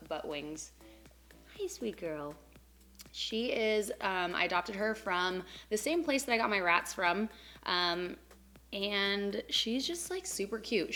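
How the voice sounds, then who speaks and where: A woman's voice: medium pitch, a bit bright. A young woman vlogging about her pets at home, talking casually and slipping into baby talk with them. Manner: chatty, coos and baby-talks to her pets. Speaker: pet vlogger. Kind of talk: casual chat. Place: home, on the couch.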